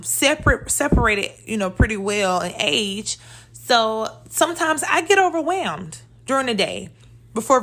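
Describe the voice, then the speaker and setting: A woman in her thirties hosting a solo podcast, talking candidly and in a chatty, animated way. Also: medium pitch. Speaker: podcast host. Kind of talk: casual solo podcast talk.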